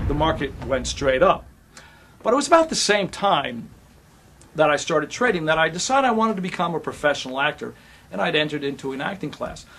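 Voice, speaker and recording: Casting: middle-aged man, slightly high voice, reflective storyteller. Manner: reflective, grows soft and quiet. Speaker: actor. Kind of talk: personal storytelling monologue.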